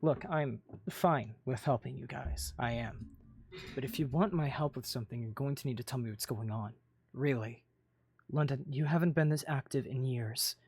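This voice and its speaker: A man voicing Oscar, a calm, bookish loner, speaking in a measured, guarded way in a game roleplay. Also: mid-range voice, slightly rough. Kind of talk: voiced Minecraft roleplay dialogue.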